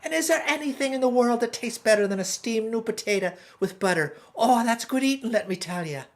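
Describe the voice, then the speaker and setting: A woman's voice: fairly high pitch, animated, a little fast, close to an everyday voice. A woman playing a chatty middle-aged Irish pig farmer in a stage Irish accent, telling a rambling comic story. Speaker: guest host. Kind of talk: comic monologue in character.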